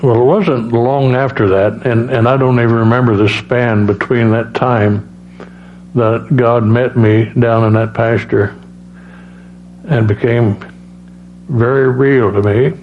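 Halting man telling his testimony. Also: mid-range voice, steady tone. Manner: halting, many restarts and fillers. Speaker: preacher giving testimony. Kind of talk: personal testimony. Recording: dull lo-fi sound with faint hum.

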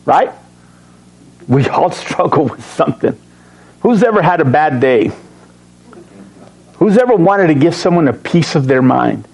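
A man teaching a Bible study, reading verses slowly and stressing key words, with joking asides to his class. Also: on the high side, expressive, gravelly, a little mellow, breathy edge, low-quality recording. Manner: emphatic, slows to read verses, joking asides.

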